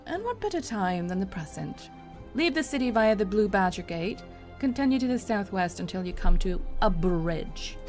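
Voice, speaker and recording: A woman reading a formal, courtly quest-giver in a measured way over game music. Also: mid-range voice, big pitch swings, darkish tone, close to an everyday voice. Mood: courteous.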